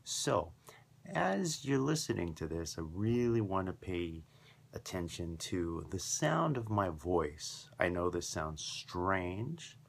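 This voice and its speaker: A man's voice: deep voice, lively intonation, slow, vocal fry. A man hosting a scripted podcast lesson, upbeat and emphatic, building his points through repetition. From foreigner living in Japan. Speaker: English teacher and podcast host.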